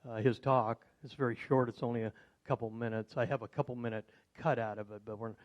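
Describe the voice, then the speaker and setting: A man's voice: mid-range voice, fast talker, muffled recording. A middle-aged man at a club meeting, telling a personal story to an audience in a rambling way with many fillers and restarts. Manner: grows loud and excited when recounting surprises.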